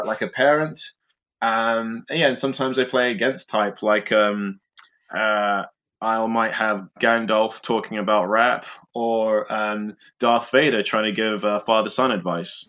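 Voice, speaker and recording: A man who works as an improviser, talking through his method in an interview, pausing often with fillers. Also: on the low side, fairly even intonation, a bit bright, dull audio. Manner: thoughtful, halting with fillers. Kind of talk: interview answers.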